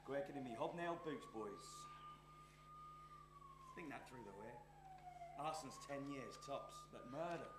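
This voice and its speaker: A man's voice: mid-range voice, wildly swooping pitch, unhurried, long pauses, echoey room, background noise. An actor playing a menacing, scheming male arsonist on stage, taunting and sneering. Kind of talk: stage play performance.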